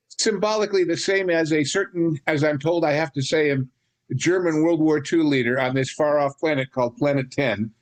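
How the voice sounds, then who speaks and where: A man co-hosting a podcast, chatting casually about films in long, rambling anecdotes full of asides. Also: a little high. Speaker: podcast co-host. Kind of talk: casual film discussion.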